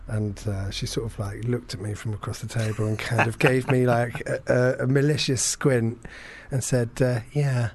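A man in his thirties tells a long anecdote in an easy, rambling way. He keeps restarting his sentences and pokes fun at himself. His voice sits in an ordinary middle pitch. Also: level tone, moderate pace, few pauses, darkish tone, slightly rough. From England. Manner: rambling, self-deprecating, many fillers and restarts. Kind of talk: casual chat, anecdote.

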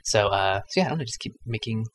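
A man's voice: lowish voice, lively intonation, fast talker, a crowd in the background. A man being interviewed about his films on a radio show, upbeat, laughing often and full of fillers. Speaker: film director guest.

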